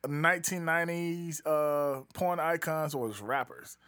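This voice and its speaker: A man chatting casually in relaxed slang, with lots of fillers, trailing off while he hunts for names. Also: on the high side, measured pace. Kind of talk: casual chat.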